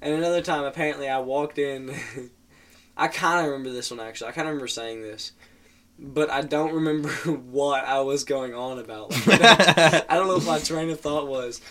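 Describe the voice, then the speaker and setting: A man's voice: fairly high pitch, normal speed, fairly bright tone, distant mic. A young man in casual chat, rambling through stories with many restarts.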